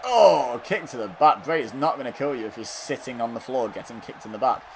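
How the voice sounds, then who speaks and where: A man giving casual play-by-play commentary over a wrestling video game, bursting into loud exclamations and then dropping into dry asides. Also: medium pitch, expressive, brisk, slight background noise.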